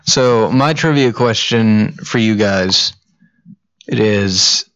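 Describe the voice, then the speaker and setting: A man's voice: on the low side, takes it slowly, a bit bright, lo-fi sound. A man co-hosting a podcast, asking trivia questions in a dry, teasing way. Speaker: podcast co-host running trivia. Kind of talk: casual chat.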